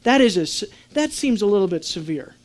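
A man preaching a sermon to a congregation, asking them questions and swinging between soft low asides and emphatic raised points. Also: big pitch swings, fairly quick. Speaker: pastor. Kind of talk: sermon teaching.

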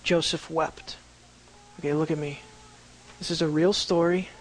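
A preacher gives a conversational sermon on a Bible passage at a fairly quick pace in a medium-pitched voice. He often questions his listeners and tells the story with dramatic shifts from quiet to excited.

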